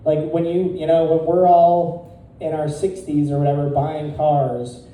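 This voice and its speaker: A male stand-up comedian doing a crude deadpan set, chuckling at his own jokes. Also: fairly high pitch, a little slow. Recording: echoey room, picked up from a distance.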